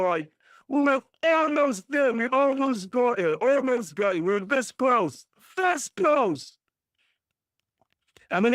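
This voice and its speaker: A man with a high voice hosts a fan watchalong, reacting to the match as it happens. He talks slowly, drawing out his groans and exclamations. The sound is dry and close. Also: a bit bright, dry recording. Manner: emotional, groaning and exclaiming with each moment. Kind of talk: live match reaction commentary.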